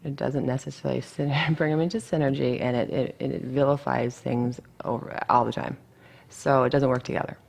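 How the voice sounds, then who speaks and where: A woman's voice: very deep voice, steady tone, brisk, creaky, a little mellow. A woman dietitian talking casually in an interview, blunt and chatty, full of asides.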